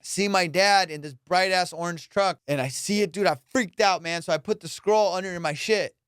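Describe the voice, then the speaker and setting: This young comedian podcast host speaks smoothly at a moderate pace, the sound clean and studio-made with no room sound. Casually telling a profane story from his childhood, he gets animated and acts out quotes with loud, high jumps.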